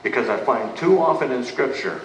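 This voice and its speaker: This pastor's sermon is emphatic and full of questions he answers himself. He speaks in a mid-range voice with lively intonation at a moderate pace. The recording comes from a distant mic in an echoey room, with faint background noise.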